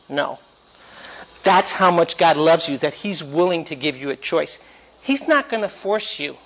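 A man's voice: high-pitched, a bit bright, muffled recording. A man teaching a Bible class, asking the class questions and driving his points home with energy.

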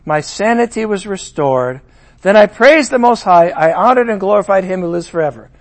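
A middle-aged man delivering a sermon with a fairly high voice. He preaches in an animated way, slipping into the voices of the figures he quotes. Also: normal speed.

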